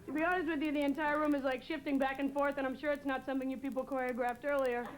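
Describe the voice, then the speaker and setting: A young woman from New England doing a deadpan stand-up set, hesitating with many "uh"s. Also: sits high, quick pace, low-quality recording. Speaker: stand-up comedian. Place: TV studio stage before a live audience. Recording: loud audience laughter and noise.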